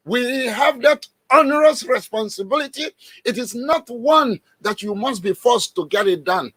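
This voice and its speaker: Man, high-pitched, radio broadcaster, impassioned exhorting address, emphatic repetition, dry close sound. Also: expressive, measured pace, fairly bright tone, dry recording. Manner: emphatic, repetitive and exhorting, with sudden raised outbursts.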